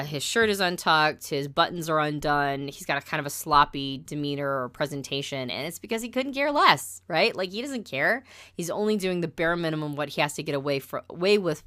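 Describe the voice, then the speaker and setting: A woman teaching about personality types in a casual, conversational lesson, turning flatter and more deliberate when she makes a point. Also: low-pitched.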